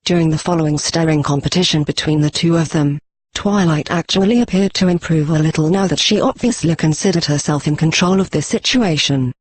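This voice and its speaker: Brief: male text-to-speech storyteller, a little high and husky, dry close sound. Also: no room sound. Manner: even, machine-read delivery. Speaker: narrator. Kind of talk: synthetic audiobook narration.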